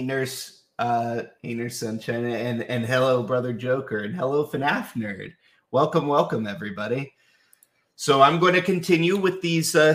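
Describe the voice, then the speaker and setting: A man hosting a live autograph signing, chatting casually and greeting viewers by name, slightly sick so his voice sits a little deeper than usual. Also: fairly bright tone. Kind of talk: casual livestream chat.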